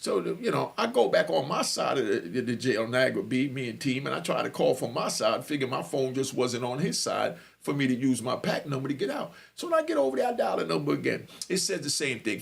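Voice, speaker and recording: A middle-aged man telling his own story casually, slangy and animated, often asking if you get him. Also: mid-range voice, fast, vocal fry, hardly any pauses. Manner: animated, slangy, keeps asking "you know what I mean".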